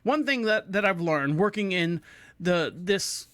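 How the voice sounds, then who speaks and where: Speaking a little slowly in a high-sitting voice, this forty-something podcast host chats casually and spins lively stories. He performs the voices of the people he quotes, and the recording has no room sound.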